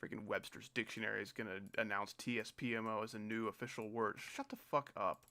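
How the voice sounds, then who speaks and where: A man's voice: on the low side, little pitch movement, fast, bright, forceful tone. A young man chatting casually on his stream, rambling and sarcastic, often mocking slang.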